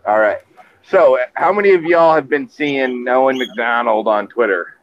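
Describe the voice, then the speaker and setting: A man's voice: mid-range voice, moderate pace, highs cut off, slight background noise. A man in a casual online group chat, teasing and joking, heard over call audio.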